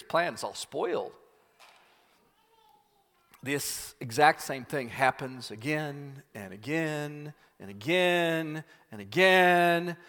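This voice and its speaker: A man preaching a sermon, retelling a Bible story as an animated storyteller who acts out scenes. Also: fairly high pitch. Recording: long hall reverb.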